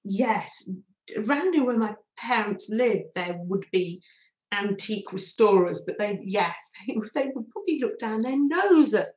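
A woman's voice: mid-range voice, animated, unhurried, a little mellow, roomy sound, rough recording. A middle-aged woman from England hosting a craft livestream, chatting casually and reminiscing with frequent laughs. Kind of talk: casual chat while crafting.

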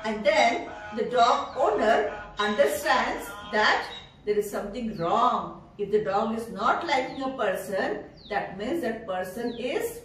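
A woman, teaching preschoolers slowly and in a sing-song way. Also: fairly high pitch, animated, a bit bright, a little hiss or hum. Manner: sing-song, slow and drawn out, imitates animal sounds. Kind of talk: teaching young children. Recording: echoey room from far off.

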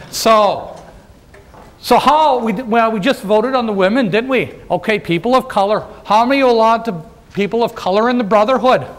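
A man performing as a jovial union organizer from the 1880s, folksy and full of jokes as he works the crowd. His voice sits high for a man. He talks straight to the audience in a first-person historical role-play. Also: close to an everyday voice. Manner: folksy, joking, addresses the crowd directly. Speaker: living-history presenter.

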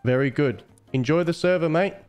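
Teasing admin, high voice. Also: male voice, fairly quick, a little mellow, clean tone, soft background music. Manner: teasing, mocking, playful. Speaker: game server admin streamer. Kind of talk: casual live-stream chat.

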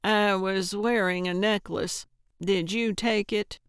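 Lady doing a grumpy old gal sleuth, slow and blunt, snippy. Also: medium pitch, fairly even intonation, clean tone, no room sound, studio quality, close to an everyday voice. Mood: cranky, blunt. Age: older. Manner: blunt and grumpy, snapping back. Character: feisty older woman amateur sleuth, blunt and cranky. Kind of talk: audiobook character voice.

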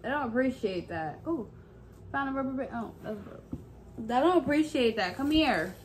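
A woman's voice: sits high, animated, moderate pace, slight background noise. A woman in a casual vlog, playfully scolding a toddler and talking to viewers. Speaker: parent vlogger. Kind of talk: casual prank vlog talk.

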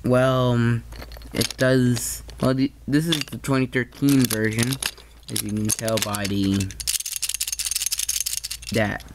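A man's voice: medium pitch, fairly even intonation, takes it slowly, long pauses, noisy background. A man giving a casual toy train review, hesitant and often correcting himself mid-sentence.

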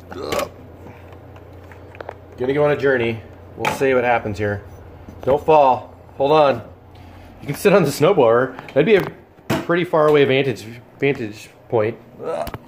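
A man's voice: mid-range voice, roomy sound, noisy background. A man hosting a casual cooking livestream from his home kitchen, chatting and joking as he moves around and eats. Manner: chatty, jokey, talks while moving and chewing.

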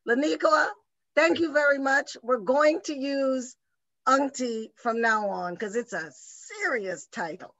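Higher-voiced woman host, playful and teasing, on muffled video call audio. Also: a little slow, a bit bright. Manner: playful, teasing, reads comments from the chat. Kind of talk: casual talk-show chat on a video call.

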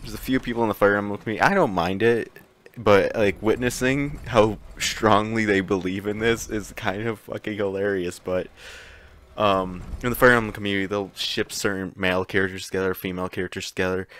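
A man's voice: fairly low pitch, steady tone, fairly quick, fairly bright tone. A man rambling casually with many ums and chuckles while commenting on a video game. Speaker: game streamer.

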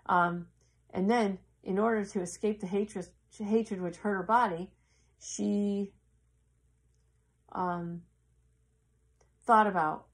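A woman in casual, earnest storytelling, halting and acting out the voices of the people in her story. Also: mid-range voice, fairly even intonation. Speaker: yoga teacher.

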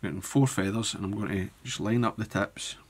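A man demonstrating fly tying step by step, talking in a relaxed way as he works with his hands. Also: fairly low pitch, a little fast, slightly rough. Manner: relaxed, thinking aloud while working with hands. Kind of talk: step-by-step tutorial narration.

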